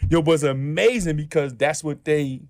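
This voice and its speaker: A middle-aged man from New City, telling animated stories in casual chat and acting out other people's lines with lots of laughter. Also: fairly high pitch, moderate pace, dry recording, studio quality. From New York City. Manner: animated storyteller acting out quotes, laughs often. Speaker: podcast guest.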